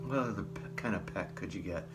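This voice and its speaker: A man's voice: deep voice, fairly quick. Cheerful man hosting children's storytime. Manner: cheerful, addressing young children directly. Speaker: library storytime host. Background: acoustic guitar playing.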